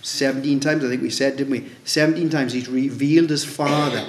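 A man's voice: medium pitch, fairly even intonation, fairly quick. A man preaching a sermon in a conversational way, asking his listeners rhetorical questions. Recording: echoey room.

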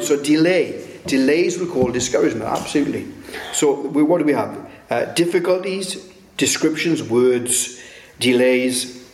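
Halting preacher man in an echoey room. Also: medium pitch. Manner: halting, many restarts and tag questions. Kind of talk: sermon.

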